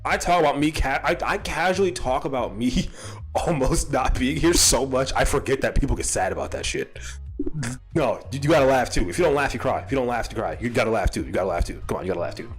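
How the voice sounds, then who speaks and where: A man's voice: lively intonation, fast, breathy edge, soft background music. Swearing young man telling a wild story. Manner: swearing, laughing, jumps to high-pitched quoted outbursts. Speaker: streamer. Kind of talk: casual storytelling to a live chat.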